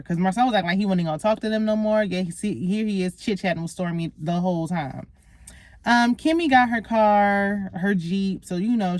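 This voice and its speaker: A woman's voice: mid-range voice, darkish tone, no echo. A woman, recapping a reality show in casual, sassy chat straight to her viewers.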